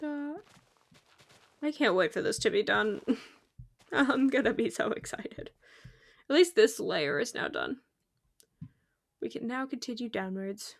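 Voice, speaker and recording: A young woman chats casually as she plays a game on a live stream, talkative and laughing often at her own remarks. Her fairly high voice is gravelly and animated, and she speaks unhurriedly, pausing often.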